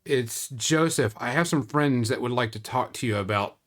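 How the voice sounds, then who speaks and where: Give me a game master playing a reassuring village man, calm and steady. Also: mid-range voice, normal speed, natural voice.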